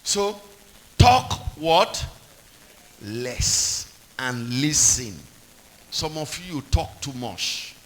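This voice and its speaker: A man's voice: fairly high pitch, big pitch swings, drawn-out words, pauses often, fairly bright tone, low-quality recording. A man preaching a sermon, repeating points and quizzing the congregation with call-and-response questions.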